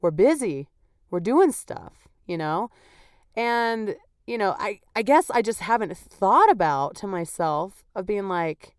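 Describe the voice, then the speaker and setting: A woman podcast host talks slowly in a sing-song, mid-range voice with a clean tone, though it's worn and below full strength. Her casual solo chat is candid, laugh-filled, and heavy on "like" and "you know." Studio-quality sound, no room ambience.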